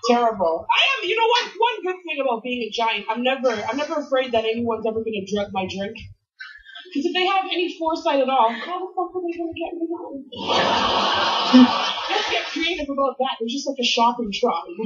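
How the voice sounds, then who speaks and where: A woman in her thirties performs a brash stand-up set and works the crowd. Her high voice leaps up and down. The sound is a dull, lo-fi TV broadcast of a stage mic. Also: brisk. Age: 30s. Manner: brash, animated, crowd-working. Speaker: stand-up comedian. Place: comedy club stage before a live audience.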